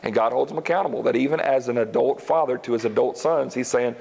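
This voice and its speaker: A man preaching in church, telling Bible stories and acting out the characters in quick voices. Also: mid-range voice, vocal fry, a little mellow, breathy edge. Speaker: pastor. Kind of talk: sermon.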